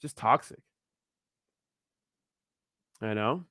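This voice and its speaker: A man's voice: on the low side, expressive, drawn-out words, pushed and bright, no echo, studio quality. A young man hosting a crypto livestream, ranting in a fired-up way and answering viewers, often asking "you know what I mean". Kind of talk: live stream chat, reacting to viewers.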